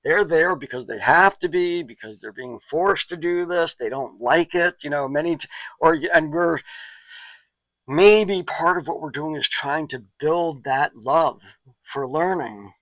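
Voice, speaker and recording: A man's voice: a little high, expressive, a bit bright, no echo, rough recording. Conversational male psychology lecturer. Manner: conversational, digressive, with asides and quick impressions. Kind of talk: recorded college lecture.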